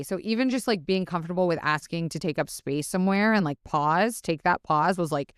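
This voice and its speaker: Frank, expressive woman with a low, smooth voice. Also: a little fast, dry recording, studio quality. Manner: frank and expressive, swears freely, acts out inner dialogue. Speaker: podcast guest. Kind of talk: casual interview chat.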